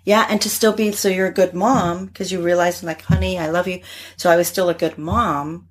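A middle-aged woman talking casually as a podcast guest. Her voice sits a little low with a faint husky edge. She tells stories in an animated way and laughs often. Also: normal speed. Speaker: guest, integrative therapist. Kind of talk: casual conversation.

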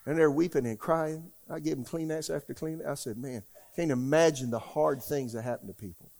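A man's voice: fairly high pitch, fairly quick, creaky, darkish tone. An older man, preaching a sermon in a folksy, emphatic way and asking the congregation questions. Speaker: pastor.

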